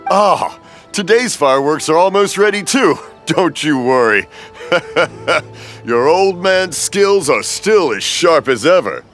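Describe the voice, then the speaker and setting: A man's voice: fairly high pitch, lively intonation, slow, faint music behind. A man voicing a cheerful, hard-of-hearing older father in a video game dub, rambling and often mishearing. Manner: rambling, mishears, laughs warmly.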